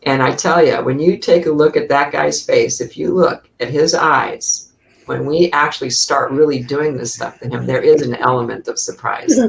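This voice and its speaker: Lively woman telling set stories. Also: rumbling low, moderate pace, gravelly, distant mic, slight background noise, poor audio. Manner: animated anecdotes, acts out voices in quotes. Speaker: guest actress. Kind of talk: storytelling in an interview.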